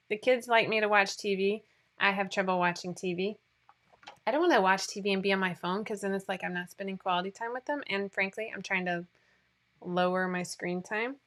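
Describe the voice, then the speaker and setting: A woman's voice: medium pitch, fairly bright tone. A woman hosting a casual livestream, chatting, rambling and laughing at herself as she reads viewer comments. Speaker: sewing pattern designer hosting a livestream.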